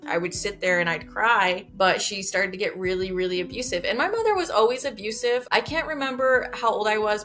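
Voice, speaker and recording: A young woman telling her life story in a halting, soft-spoken way, with many fillers and restarts. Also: medium pitch. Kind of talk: personal testimony. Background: soft guitar music.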